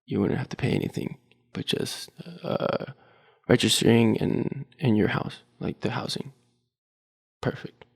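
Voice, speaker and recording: Gravelly-voiced young man telling his story. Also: on the low side, measured pace. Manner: relaxed, quotes himself and others in a storytelling way. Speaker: athlete guest. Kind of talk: casual podcast storytelling.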